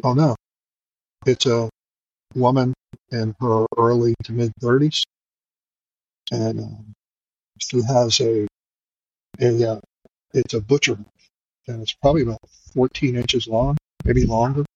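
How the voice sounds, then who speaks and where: A man's voice: mid-range voice, fairly even intonation, measured pace, long pauses, a little mellow, husky, dry recording, dull audio. A middle-aged man, a firefighter, telling a raw story in an interview, profane and emotional, rambling with many fillers. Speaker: firefighter and podcast guest.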